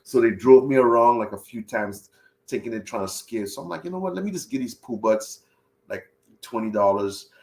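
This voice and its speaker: Profane, animated man telling a story. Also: mid-range voice, normal speed. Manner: profane, animated retelling with voiced reactions. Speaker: travel vlogger. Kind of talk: casual storytelling. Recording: roomy echo.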